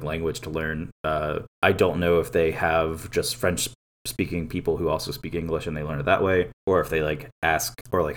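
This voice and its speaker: A man's voice: low-pitched, a bit bright. A man co-hosting a casual anime podcast, talking loosely and going off on tangents with easy laughter. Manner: loose, digressive, laughs easily. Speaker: podcast co-host.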